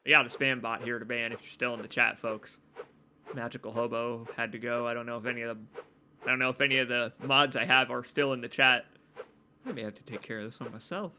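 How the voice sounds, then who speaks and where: A young man streaming a game, rambling and joking with his chat, his voice a little hoarse from long talking. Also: mid-range voice, fairly even intonation, fast, sharp tone, slight background noise. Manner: rambling, joking, self-deprecating asides to chat. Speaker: let's play streamer. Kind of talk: casual gameplay commentary.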